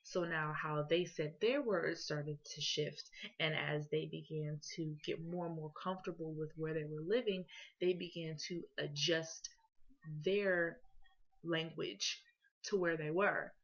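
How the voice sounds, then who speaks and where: A woman's voice: low voice, steady tone, measured pace. A young woman from Ohio giving a casual class presentation as a student, talking conversationally with lots of fillers. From Columbus, Ohio. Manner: casual, conversational, with many fillers and "you know"s. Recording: dull lo-fi recording.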